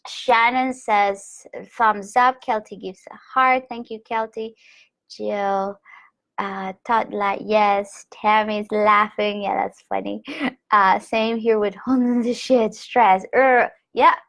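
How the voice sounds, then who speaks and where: A woman in her thirties giving a candid, expressive live talk on intuition, reading viewer comments aloud and jumping up in pitch when she quotes herself. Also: slow pace, gravelly. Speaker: spiritual teacher.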